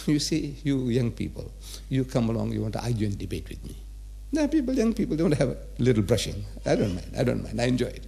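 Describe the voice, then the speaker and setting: A man's voice: medium pitch, fast, vocal fry, warm tone. A man in his seventies giving a religious lecture to a live audience, emphatic, repeating phrases and firing rhetorical questions at the listeners. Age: 70s.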